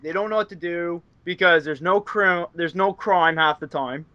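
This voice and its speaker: Speaking as an interview guest, this man rambles through casual stories, leaning heavily on fillers and laughing a lot. He has a high-pitched, bright, forceful voice and talks at normal speed. The recording is dry and dull.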